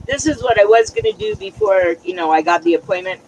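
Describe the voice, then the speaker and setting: High-voiced man ranting frankly. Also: lively intonation, fairly quick, a little hiss or hum, rough recording. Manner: frank, exasperated storytelling. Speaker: livestream chat participant. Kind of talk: casual group chat.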